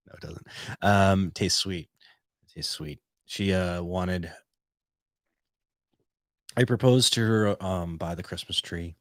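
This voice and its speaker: A man's voice: deep voice, takes it slowly, long pauses, no echo. A man hosting his own podcast, talking casually and rambling, with lots of fillers and restarts, close on a studio mic. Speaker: podcast host. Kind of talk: casual solo podcast talk. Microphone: studio podcast mic on boom arm.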